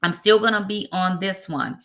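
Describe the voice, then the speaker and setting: A woman's voice: medium pitch, normal speed, fairly bright tone. A woman with a Southern US accent hosting a ministry livestream, chatting casually and greeting viewers by name. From Brooklyn, New York.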